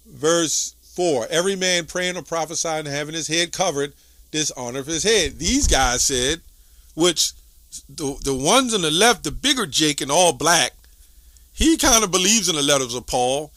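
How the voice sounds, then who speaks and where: Bright-voiced man teaching scripture. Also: on the high side, no room sound. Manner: conversational, tags lines with "right?"; clears throat often. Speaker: Bible teacher. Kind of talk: casual scripture commentary.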